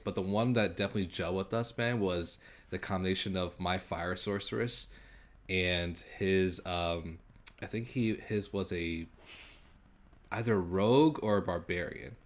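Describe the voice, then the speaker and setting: A man talking in a relaxed, conversational way as a podcast host, telling stories about his gaming sessions. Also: low voice, moderate pace. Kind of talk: casual chat about video games.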